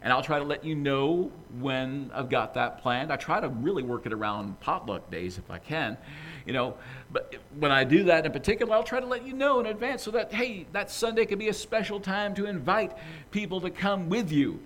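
A man preaching a conversational sermon and telling stories in an animated way. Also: on the high side, moderate pace, slight background noise.

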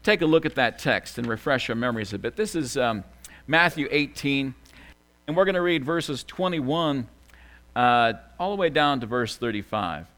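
Animated preaching man, soft to loud. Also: mid-range voice, normal speed. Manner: dramatic swings between soft hushed lines and loud emphatic ones; repeats key phrases for emphasis. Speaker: pastor. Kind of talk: sermon.

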